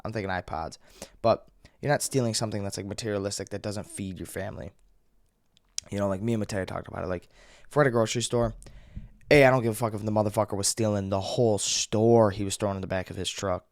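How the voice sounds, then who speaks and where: A young man telling a story as a vlogger, profane and animated, acting out people yelling. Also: on the low side, quick pace, dry recording, studio quality. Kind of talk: casual storytelling rant.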